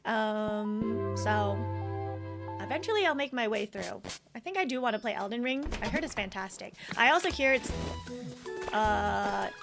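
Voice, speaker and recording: A woman's voice: medium pitch, expressive, a little slow, creaky. A young woman streaming a video game, chatting with viewers, answering chat and laughing often. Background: loud game music.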